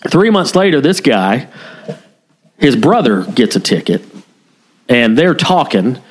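A man's voice: mid-range voice, sing-song, slow pace, breathy edge. A man on a podcast, a former police officer, candidly telling a story in casual chat with frequent swearing. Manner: candid, heavily profane storytelling.

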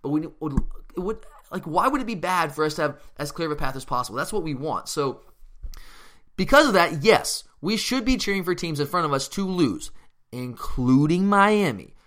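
A man's voice: a little high, expressive, brisk, fairly bright tone. A man hosting a sports podcast, answering listener questions in a casual, emphatic way and often restarting his sentences. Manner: emphatic and fired up, with frequent restarts. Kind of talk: casual fan Q&A commentary.

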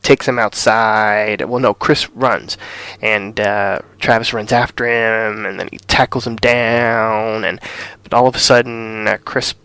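Gravelly man retelling a scene. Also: lowish voice, unhurried, no echo. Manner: animated retelling, acting out dialogue. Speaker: podcast co-host. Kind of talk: casual recap chat.

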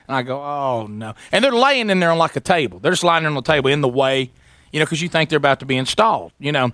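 Male radio host, animated storyteller, bright tone, dry studio sound. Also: a little high, rapid-fire, no room sound. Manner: animated storyteller, acts out voices.

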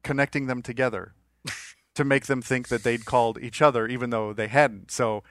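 A man's voice: medium pitch, steady tone, normal speed, fairly bright tone. A man co-hosting a podcast, telling a story in a rambling, anecdotal way. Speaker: podcast co-host. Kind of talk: casual storytelling.

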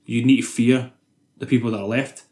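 A young man, a podcast co-host, retelling film scenes in quick, sweary casual chat. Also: medium pitch, steady tone, a little mellow, reverberant.

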